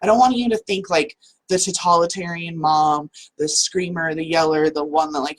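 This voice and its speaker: Chatty woman host, slightly husky, talks loosely from home. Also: lowish voice, lively intonation, brisk, rough recording. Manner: chatty, lots of "like" fillers. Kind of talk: casual livestream talk.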